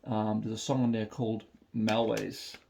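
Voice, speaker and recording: A man's voice: fairly low pitch, level tone, normal speed, gravelly, a little mellow, a little hiss or hum. A man from Melbourne with an Australian accent, chatting casually and rambling with many fillers while reacting to music on a phone recording. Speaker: reaction video host.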